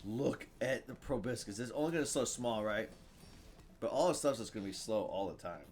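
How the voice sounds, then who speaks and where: A young man streaming a card game, casual and excitable, muttering to himself and then breaking into loud shouts. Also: medium pitch, brisk, husky, faint music behind. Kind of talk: casual gameplay commentary.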